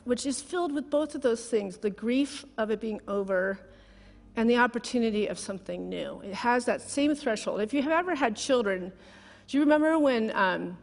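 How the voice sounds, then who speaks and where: A middle-aged woman giving a heartfelt, conversational sermon built around a personal story, close to tears. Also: a little high. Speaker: guest speaker. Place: large church sanctuary. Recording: long hall reverb.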